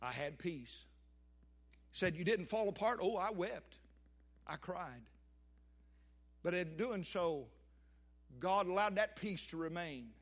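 High bright older preacher. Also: male voice. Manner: impassioned preaching with emphatic swells and drops. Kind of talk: sermon.

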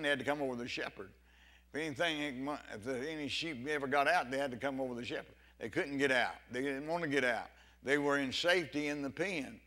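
A man preaching an evening sermon with fervor, repeating phrases and calling out amen and hallelujah. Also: medium pitch. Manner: fervent, builds to loud exclamations.

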